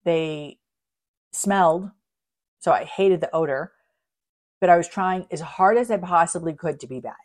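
A middle-aged woman hosting a spirituality podcast, telling a personal story in a lively, self-mocking way and laughing at herself. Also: fairly low pitch, a little slow, long pauses. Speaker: podcast host.

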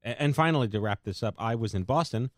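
A man hosting a casual podcast chat, rambling and halting with many fillers. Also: mid-range voice, expressive, no room sound, studio quality. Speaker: podcast host, co-founder of the organization.

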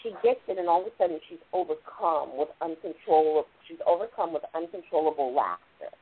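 A woman's voice: deep voice, animated, fairly quick, husky. Woman on a tinny phone line. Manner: rambling, repeats "like" and "literally". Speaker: radio show host, spiritual channeler. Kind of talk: casual spiritual explanation.

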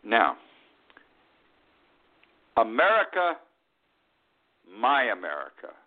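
An older man hosts a talk show in an opinionated monologue, his pitch swooping up and down as he leans into each point. He laughs often and repeats phrases for emphasis. The sound is thin and tinny, like a phone line. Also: huge pitch swings, slow pace. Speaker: radio talk show host. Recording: tinny phone-like radio audio.

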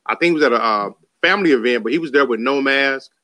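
A man's voice: mid-range voice, fast. A man co-hosting a casual basketball podcast, talking loosely with lots of "you know" fillers. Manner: relaxed, filler-heavy talk with frequent "you know". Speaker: podcast co-host.

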